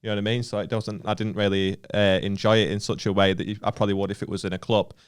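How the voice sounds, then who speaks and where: A man's voice: lowish voice, little pitch movement, very fast, clear, resonant tone. A young man in casual, sweary podcast chat among comedians.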